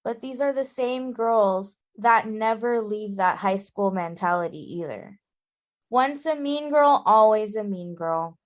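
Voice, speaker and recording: A woman co-hosting a relaxed book-club chat. She talks emphatically and punches her reactions with exclamations. Her pitch sits in an ordinary middle range. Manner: emphatic and exclamatory, quick to get indignant. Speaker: podcast co-host.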